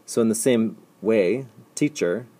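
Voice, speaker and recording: A man gives a recorded classroom lesson in a low, slightly husky voice. He walks through each example patiently, repeating sentences slowly and carefully. His tone stays calm and instructive throughout. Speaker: language teacher. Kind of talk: recorded slide lecture.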